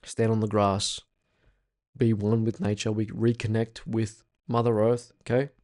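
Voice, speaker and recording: A man's voice: lowish voice, level tone, a little slow, darkish tone. Young male spiritual teacher, casual and blunt, heavy swearing, hammers points by repeating them. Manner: blunt, swears freely, emphatic repetition. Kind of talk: casual workshop talk.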